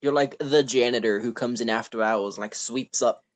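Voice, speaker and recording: A man's voice: mid-range voice, moderate pace, dry recording. Teen guy on a podcast, says like a lot, stumbles over words, dry jokes. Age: late teens. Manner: hesitant, filler-heavy, stammering delivery. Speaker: podcast co-host. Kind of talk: casual comedic chat.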